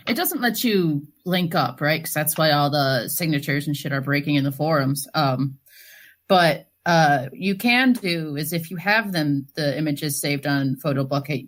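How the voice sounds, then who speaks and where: A woman co-hosting a casual podcast, talking bluntly and swearing mildly. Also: low voice. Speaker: podcast co-host.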